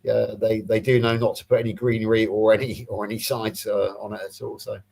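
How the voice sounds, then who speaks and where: A man's voice: on the low side, level tone, a little fast, vocal fry, darkish tone. A man chatting casually on a livestream, rambling with fillers and restarts.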